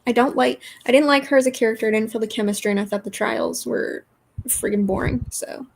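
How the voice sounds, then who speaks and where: A woman's voice: fairly high pitch, fairly even intonation, fairly quick, gravelly, a little hiss or hum. A woman chatting casually in a book club, blunt and swearing easily. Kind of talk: casual chat.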